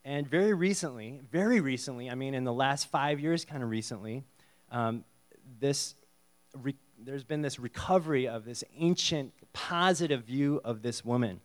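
A man preaching a conversational sermon, reading Bible verses and acting out the dialogue in a casual, lively way. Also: mid-range voice, normal speed. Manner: conversational, animated, acts out the dialogue.

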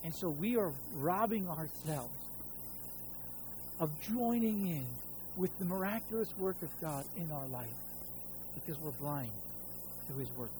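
A pastor in his thirties preaches a sermon over music, his voice on the high side, animated and unhurried, with frequent pauses. He tells a personal story casually and conversationally, acting out quoted voices, both his own and God's. The recording is low quality.

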